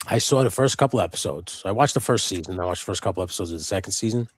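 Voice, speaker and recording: Very fast and deep-voiced, this co-host of a live customizing stream rambles through casual chat, cursing often and drifting between subjects. His voice is slightly rough, and there's no room sound.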